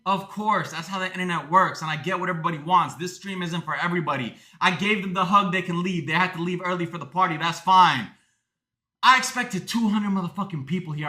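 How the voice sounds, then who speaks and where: Bright, high-voiced man ranting on stream. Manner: profane, ranting, switches between jokes and earnest thanks. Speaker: livestreamer. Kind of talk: casual livestream talk.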